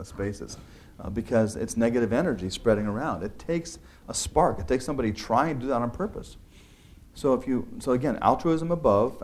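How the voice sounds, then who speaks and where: A man's voice: lowish voice, a little mellow. A man talking through his book's ideas in an earnest, conversational way, with frequent restarts and filler words. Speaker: author discussing his book. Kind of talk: conversational talk.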